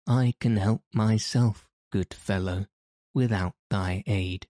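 A man's voice: fairly low pitch, steady tone, takes it slowly, mellow, no echo, studio quality. A man reading the part of a testy, proud outlaw who has just lost a fight, in an old-fashioned storybook. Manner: testy, prickly. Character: testy, sore, proud male outlaw giant. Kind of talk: audiobook character reading.

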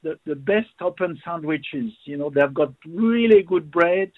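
A man's voice: a little high, measured pace, no room sound. A man, a chef guest describing food with relish in casual radio chat. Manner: warm enthusiastic food talk, restarts. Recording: tinny phone line.

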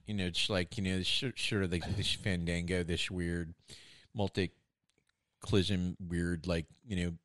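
A loose, rambling movie star drifting from thought to thought in a surfer drawl, as a man puts him on. The voice sits fairly low and is recorded dry and close. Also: flat delivery, a little slow, a bit bright, dry recording. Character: rambling laid-back male movie star.

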